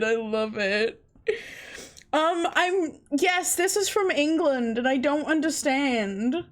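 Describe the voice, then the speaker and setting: A woman streaming live who talks in an unhurried, drawn-out way, her voice sitting a little high. She chats casually with viewers, sounding incredulous and swearing freely. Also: expressive. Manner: chatty, incredulous, frequent swearing. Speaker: livestreamer.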